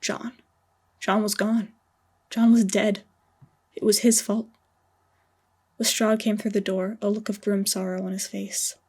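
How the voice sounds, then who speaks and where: A woman reading her own fanfiction aloud in a hushed, dramatic audiobook narration. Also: medium pitch, little pitch movement, measured pace, creaky, long pauses, slightly rough.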